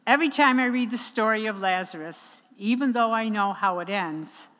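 A woman preaching a sermon in a church, slow and emphatic, with measured pauses. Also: mid-range voice, a bit bright. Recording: long church reverb.

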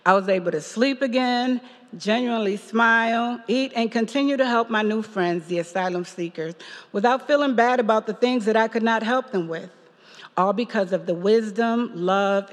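A woman's voice: mid-range voice, normal speed, long reverb tail. A woman giving a personal testimony at a church service, telling a story with quoted voices and laughter. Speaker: parishioner giving a reflection.

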